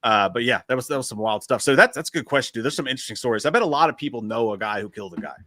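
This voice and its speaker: Bright-voiced laid-back male co-host. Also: mid-range voice, expressive, racing, no room sound, clean studio sound. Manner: laid-back, profane, laughs easily. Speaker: co-host reading viewer comments. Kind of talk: casual live-stream chat.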